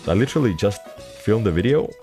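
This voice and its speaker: Lively low-voiced young guy vlogging. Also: faint music behind. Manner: rambling, self-mocking, with quick asides. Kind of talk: casual vlog recap.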